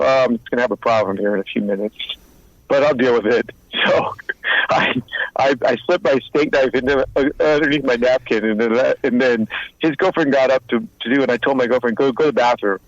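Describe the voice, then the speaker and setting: A man in his fifties spins blunt, streetwise stories in a relaxed interview, slipping into the voices of the people he quotes. His voice sits at an ordinary pitch, and the sound is dull and lo-fi with a dry, close feel. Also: fairly quick, no room sound. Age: 50s. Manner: streetwise, blunt, acts out both sides of quoted talk. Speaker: guest, former mobster turned informant and author. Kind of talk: casual interview storytelling.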